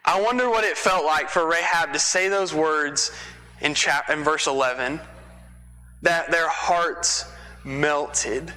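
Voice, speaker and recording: A man's voice: a little high, normal speed, sharp tone, soft background music. A man from Texas preaching a sermon in a church, telling the story in a conversational way with folksy asides. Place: church sanctuary. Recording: long reverb of a church hall.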